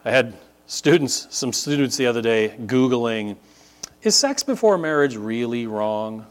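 A male pastor delivering a sermon in a middle-pitched voice. He talks casually for stretches, then climbs sharply in pitch and volume and stretches his words out to drive a point home. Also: lively intonation, unhurried. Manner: swings from low conversational asides to loud emphatic peaks.

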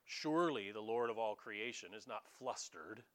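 A man preaching a conversational sermon as pastor, animated and dramatizing, talking straight to his congregation. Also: on the low side, normal speed.

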